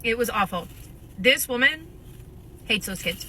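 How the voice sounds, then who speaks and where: Woman, substitute teacher, chatty and earnest, very bright tone, faint background noise. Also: fairly high pitch, lively intonation, measured pace. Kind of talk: casual vlog monologue.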